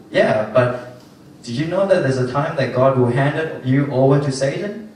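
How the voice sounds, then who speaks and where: A young man delivers a loose, rambling youth sermon full of fillers and restarts. His voice sits at an ordinary pitch and comes from some distance in a very echoey church hall, with faint noise behind. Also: moderate pace, a little mellow. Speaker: youth speaker.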